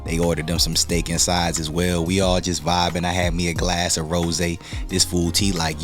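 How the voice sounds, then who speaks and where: A man's voice: sits low, little pitch movement, normal speed, hardly any pauses, faint music behind. A man telling a casual story in slang, animatedly quoting his friends. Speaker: storyteller host.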